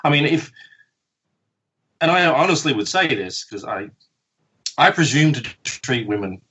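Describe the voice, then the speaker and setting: A man's voice: medium pitch, sing-song, measured pace, pushed and bright, muffled recording, slight background noise. A man, a comic book artist guest, chatting casually on a podcast in a rambling, self-deprecating way and laughing often.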